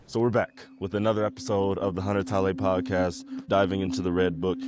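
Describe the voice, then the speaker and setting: A man's voice: low voice, level tone, brisk, a little mellow, a little hiss or hum. Earnest man hosting a reflective podcast. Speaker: podcast host. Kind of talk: solo podcast commentary.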